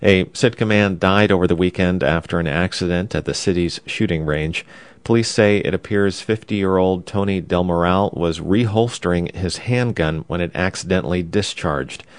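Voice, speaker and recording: A man delivers a radio news report with a measured, even cadence. His voice sits very low and sounds close and dry, with no room around it. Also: no echo. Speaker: news anchor.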